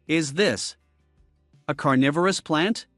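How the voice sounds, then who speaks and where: A man's voice: a little high, takes it slowly, fairly bright tone, no echo, clean studio sound, soft background music. A man voicing an anxious young saintess who keeps asking flustered questions.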